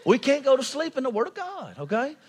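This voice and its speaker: A man preaching a sermon to his congregation, animated and expressive, swinging between loud emphatic lines and hushed ones. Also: very high-pitched, brisk, husky. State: out of breath. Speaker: pastor.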